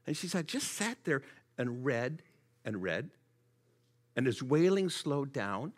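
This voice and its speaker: A man's voice: mid-range voice, unhurried. A man speaking to a congregation, telling stories in a sermon and often repeating words as he goes. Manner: repeats words when excited. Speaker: church speaker for the Gideons. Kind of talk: sermon with storytelling.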